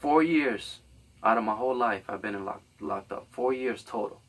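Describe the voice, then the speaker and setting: A man's voice: mid-range voice, normal speed, fairly bright tone, recorded from a distance. A man hosting a podcast, delivering a rambling, blunt, profane comedic monologue. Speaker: podcast host.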